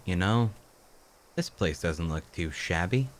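A man's voice: sits low, lively intonation, slow. A man giving playful, joking commentary while playing a game. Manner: joking, playful, muttered asides. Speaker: let's play host. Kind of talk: casual gameplay commentary.

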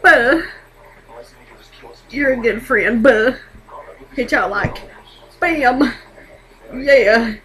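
A teenage girl vlogging on her webcam from a dark bedroom at home, hyper and giggly, rambling from one thing to the next. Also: fairly high pitch, extremely slow, pauses often, slight background noise, rough recording. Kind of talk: casual webcam vlog.

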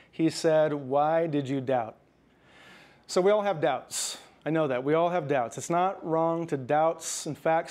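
A male pastor delivering a sermon with a slightly raised pitch. He talks to the congregation like a conversation, often checking in with them and chuckling through his personal stories. When he reads scripture, he slows down and softens his voice. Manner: conversational preaching with frequent "right?" and "okay?".

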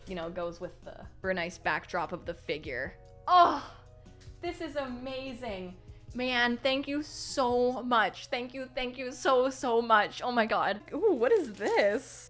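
Gushing high-voiced young woman. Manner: gushing, squealing, effusive. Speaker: YouTuber unboxing merchandise. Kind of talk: excited unboxing chat.

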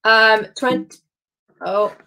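A woman's voice: fairly high pitch, slow pace, vocal fry, sharp tone, faint music behind. A woman hosts a live-streamed tasting from home. She chats in a bubbly way and greets viewers by name. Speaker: host of a live gin tasting.

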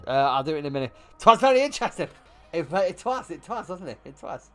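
A young man livestreaming, telling a story to his chat in an animated way with lots of swearing and bursts of laughter. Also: on the high side, fast, soft background music. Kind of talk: casual storytelling to stream chat.

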